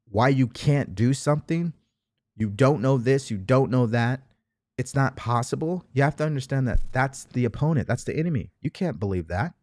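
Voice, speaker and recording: A motivational speaker gives an emphatic monologue packed with rhetorical questions and repeated phrases. His medium-pitched voice has a darkish tone, recorded at studio quality with no echo.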